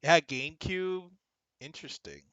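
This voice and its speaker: Young man, game streamer, bright voice, dry close sound, excitable, swears a lot. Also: a little high, moderate pace, dry recording, highs cut off. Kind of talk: casual gaming stream chat.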